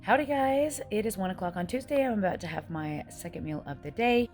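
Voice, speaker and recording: A woman's voice: medium pitch, animated, brisk, over loud music. A woman in her forties chatting casually through a food diary vlog, often sounding a little out of breath. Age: 40s. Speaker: vlogger. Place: various rooms and a dance studio.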